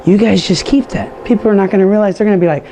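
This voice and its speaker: Warm mellow lady chatting thru a cooking demo, all excited, faint background hum. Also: mid-range voice, fast talker. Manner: chatty and enthusiastic, talks to viewers. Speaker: cooking show host. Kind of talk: casual cooking demonstration.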